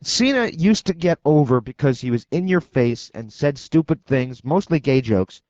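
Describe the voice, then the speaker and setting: A man's voice: a little high, lively intonation, darkish tone, no echo. A man co-hosting a radio talk show, giving blunt, opinionated takes and launching into rants. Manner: blunt, opinionated, quick to rant. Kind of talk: casual radio debate. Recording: dull dry AM radio broadcast.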